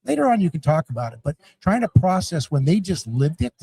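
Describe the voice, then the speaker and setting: Casting: middle-aged man with a slightly high, mellow voice, lively podcast guest who acts out anecdotes. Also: a little fast, gravelly. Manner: animated storyteller, acts out yelling parents and scats rhythms. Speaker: youth sports league founder, guest. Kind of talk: conversational podcast interview.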